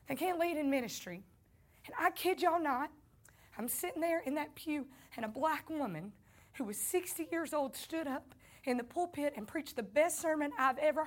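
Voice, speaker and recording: A woman with a Southern accent giving an earnest personal faith testimony, speaking to her listeners as y'all. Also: sits high.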